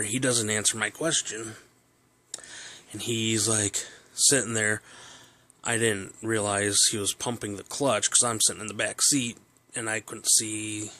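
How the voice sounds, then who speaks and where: A man's voice: lowish voice, sharp tone. A man casually telling a personal story, rambling with fillers and restarts.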